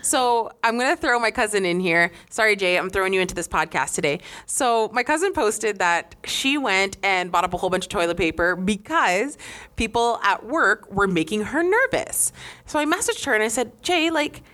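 A woman's voice: medium pitch, animated, moderate pace, bright, forceful tone. A young adult woman co-hosting a podcast, chatting casually with slang and playful asides. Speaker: podcast co-host.

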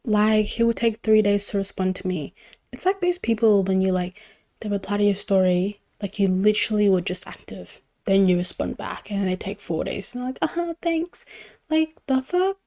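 A young woman telling a storytime on her podcast. Her voice sits at a middle pitch with a soft, mellow tone, and she talks in a loose, chatty way, filling her sentences with "like" and sometimes dropping to a whisper. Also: level tone, moderate pace. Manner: chatty, heavy use of "like", drops into whispers. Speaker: podcast host. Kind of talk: casual storytime.

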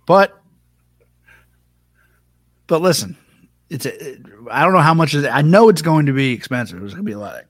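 A man's voice: on the high side, sing-song, normal speed, long pauses, dry recording, studio quality. A man co-hosting a casual live podcast chat, joking and laughing easily. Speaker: podcast co-host.

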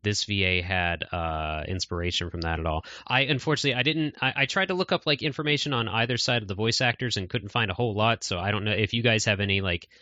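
A man hosts a podcast in loose, rambling casual chat that is full of fillers. His voice sits a little low with a bright, forceful edge. The recording is dry and close. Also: fast, hardly any pauses, dry recording, dull audio. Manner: rambling, many fillers and laughs. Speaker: podcast host.

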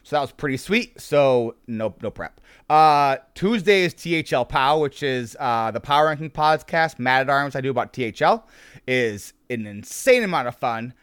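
A man's voice: medium pitch, animated, normal speed, a bit bright, clean tone, no room sound, clean studio sound. A man hosting a podcast in casual chat, upbeat and rambling, with lots of fillers and restarts. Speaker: podcast host.

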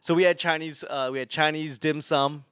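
A man with a fairly high, a bit bright voice tells a rambling story casually, laughing often and swearing freely. His intonation is fairly even and his pace moderate, with a clear, resonant tone in clean studio sound with no room echo.

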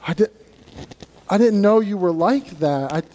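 A flustered, stammering God, as a preacher puts him on, shrill and far above a man's usual pitch. The comic panic rings with long reverb through a large church. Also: lively intonation, unhurried, dark tone. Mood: surprised. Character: startled flustered God caught off guard.

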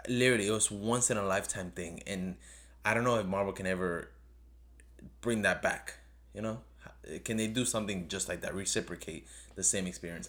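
Man, low voice, hosts his own podcast; rambles unscripted, earnest and repetitive; English as a second language. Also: a bit bright. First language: not English. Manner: rambling, talks off the cuff; earnest, pleading, repeats himself. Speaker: podcast host. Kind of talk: casual solo podcast review.

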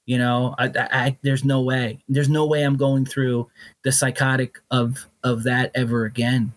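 A middle-aged man telling a candid personal story as an interview guest, blunt and profane, with animated, restless storytelling. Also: medium pitch, moderate pace.

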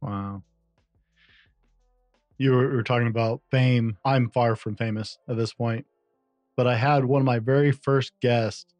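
A male podcast host chats casually and pokes fun at himself, his voice at a middling pitch. The recording is dry and close, with faint music behind it. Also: steady tone, measured pace, pauses often, a little mellow, dry recording. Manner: chatty, self-deprecating, acts out quotes. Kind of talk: casual conversational interview.

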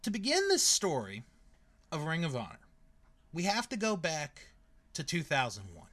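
A man in his thirties hosts a casual podcast chat, his voice a little high and his pace moderate. He's a lively storyteller who fills his tales with lots of fillers and frequent laughs.

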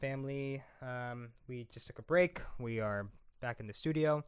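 A man's voice: mid-range voice, moderate pace, smooth. A man co-hosting a casual podcast, joking around and reading mock news headlines to his friends. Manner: jokey, reads mock headlines. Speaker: podcast co-host. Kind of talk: casual chat.

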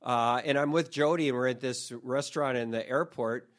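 A man's voice: mid-range voice, normal speed. A man casually co-hosting a chat show, telling a rambling story and laughing as he goes. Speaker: podcast co-host.

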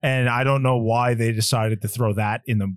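A man's voice: mid-range voice, fairly even intonation, normal speed, no echo, clean studio sound. A man co-hosting a podcast in casual movie-review chat, blunt and opinionated, laughing often. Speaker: podcast co-host.

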